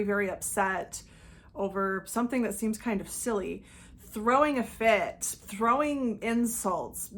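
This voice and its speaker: A woman's voice: a little high, fairly bright tone. A woman hosting her own channel, talking conversationally and now and then acting out quoted outbursts. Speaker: channel host. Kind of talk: casual talking-head commentary.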